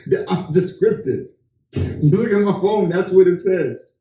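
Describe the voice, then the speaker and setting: A man's voice: high-pitched, lively intonation, a little slow, warm tone. A young adult man in casual chat, joking and acting out everyday dialogue as a storyteller. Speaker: podcast co-host. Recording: roomy, distant mic.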